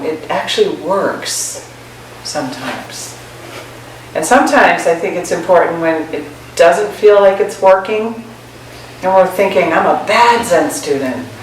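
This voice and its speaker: A woman's voice: fairly low pitch, unhurried, a little hiss or hum. Woman giving a Zen talk, echoey far mic. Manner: chatty, laughing often, self-mocking stories. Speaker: Zen teacher. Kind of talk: dharma talk. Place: meditation hall.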